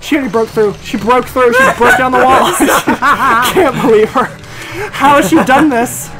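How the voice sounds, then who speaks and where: A woman's voice: sits high, normal speed, low-quality recording. A woman hosting a casual video game session, melodramatic and mock-furious, laughing through her rants. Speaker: host of a gaming series. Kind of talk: casual gaming commentary. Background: game music.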